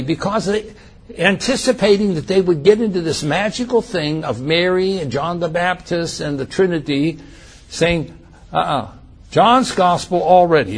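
A man with a slightly raised, husky voice gives a Bible teaching. He reads scripture slowly and leans hard on key words, then explains in a plain speaking tone. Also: a little high.

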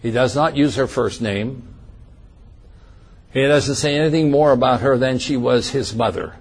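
Husky-voiced man teaching from scripture. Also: medium pitch. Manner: reads scripture slowly with strong emphasis. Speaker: Bible teacher. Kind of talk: Bible teaching sermon.

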